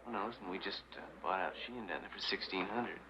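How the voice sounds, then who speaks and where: Male actor as a fawning company buyer with a low voice, on dull, hissy old film sound. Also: fast, close to an everyday voice. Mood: persuasive. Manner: ingratiating, hesitant salesman. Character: smooth-talking company agent, ingratiating man. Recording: muffled old film audio, loud hiss.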